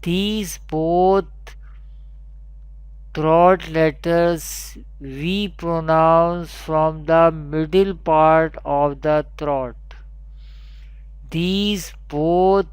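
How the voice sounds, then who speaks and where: Very slow, crisp man teaching. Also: a little high, no room sound. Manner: slow, repetitive drilling of letters. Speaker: Quran teacher. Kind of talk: recorded online pronunciation lesson.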